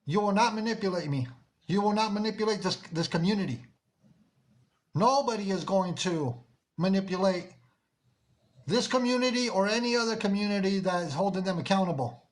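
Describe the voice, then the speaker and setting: A man with a Mexican-American accent hosts a livestream and calls people out. He talks in a high register and scolds them insistently, saying the same thing over and over. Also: brisk. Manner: scolding, insistent, repeats himself. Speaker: livestream host. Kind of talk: confrontational livestream talk.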